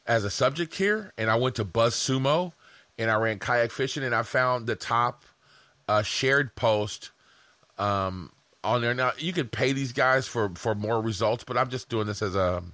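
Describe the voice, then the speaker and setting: A man's voice: mid-range voice, measured pace, bright, forceful tone, dry recording. A man teaching content writing in a loose, live, profanity-laden ramble, often checking in with "right?". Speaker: online marketing instructor.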